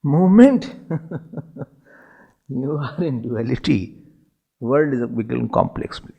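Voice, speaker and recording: Man, swami giving a devotional talk, animated storyteller, lively pitch, gravelly. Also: slow, dull audio. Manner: animated storyteller, slipping into Hindi phrases. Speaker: swami, spiritual teacher.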